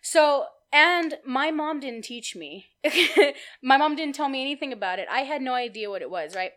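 Young woman, podcast co-host, fairly high voice, casual, laughs a lot, swears freely. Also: normal speed. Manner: laughs often, animated storytelling, swears casually. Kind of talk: casual chat.

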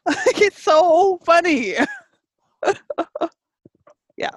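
A woman's voice: very high voice, lively intonation, very slow, no echo. A woman chatting casually on a podcast, giggly and full of "like". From Canada. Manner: chatty, giggly, lots of "like" and laughs. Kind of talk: casual chat.

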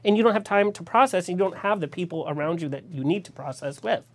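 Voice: medium pitch, animated, fast. A radio show host conducting an interview, asking long, earnest and reflective questions.

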